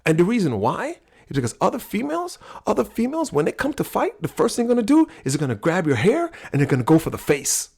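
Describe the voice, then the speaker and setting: Man, middle-aged, gravelly, lively talk, storyteller host. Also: high voice, fast, hardly any pauses. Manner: animated storyteller, acts out quoted voices. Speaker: podcast host teaching personality types.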